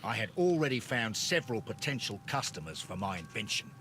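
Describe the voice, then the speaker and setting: A man's voice: fairly low pitch, big pitch swings, fairly quick, pushed and bright, slight background noise. A man voicing an irritable businessman and engineer in a video game, talking in a curt, formal way. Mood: brusque. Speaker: suspect questioned in a game.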